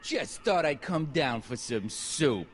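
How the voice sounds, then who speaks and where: An actor playing a brash young gangster boss who barks threats and orders in a video game. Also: male voice, on the high side, lively intonation, slow. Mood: menacing.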